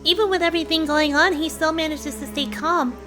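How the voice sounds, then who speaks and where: A woman streamer reading game dialogue aloud in a plain, even manner. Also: high voice, brisk, music in the background.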